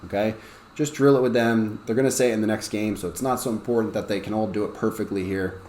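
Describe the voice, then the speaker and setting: A man's voice: lowish voice, fairly even intonation, fast, darkish tone. A male ESL teacher talks other teachers through a lesson plan in a conversational way, often checking in with "okay?". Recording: roomy with faint background noise.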